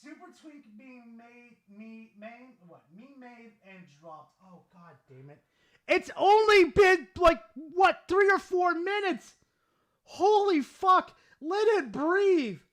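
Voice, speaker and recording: A man chatting on a livestream in a high voice that leaps all over the place. He reacts to chat with constant profanity, dropping to mutters and then bursting into yells. His delivery is excitable and restless. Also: slow. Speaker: streamer reading live chat.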